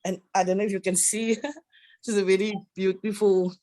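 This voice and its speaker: Tearful, halting middle-aged woman. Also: mid-range voice, little pitch movement, no echo, rough recording. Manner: halting, tearful, soft-spoken. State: crying at times. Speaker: grieving mother, guest. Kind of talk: emotional conversation. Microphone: video call.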